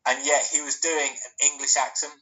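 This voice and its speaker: A man's voice: a little high, little pitch movement, normal speed, bright, forceful tone, poor audio. Tipsy man in joking banter. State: drunk. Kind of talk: casual chat.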